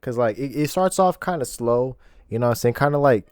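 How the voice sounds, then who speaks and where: A man in his twenties hosting a music reaction video, excitable and profane, often repeating himself. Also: medium pitch, a little fast, no echo, clean studio sound. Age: 20s. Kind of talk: casual reaction commentary. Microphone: desk microphone.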